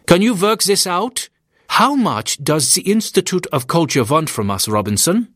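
A man's voice: fairly high pitch, sing-song, normal speed, fairly bright tone, no room sound, clean studio sound, voice pushed up. Worried hospital founder, man, urgent questioning, slightly raised voice, audiobook figure, read by a male narrator.

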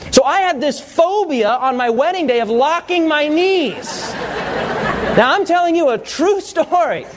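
A man's voice: extremely high pitch, animated, a little slow, noisy background. A man preaching a sermon, telling a personal story and asking the congregation questions.

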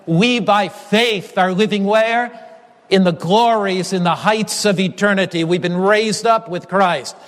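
A man's voice: sits high, a little slow. A man preaching a sermon in an earnest, emphatic way, building his points through repetition. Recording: long hall reverb.

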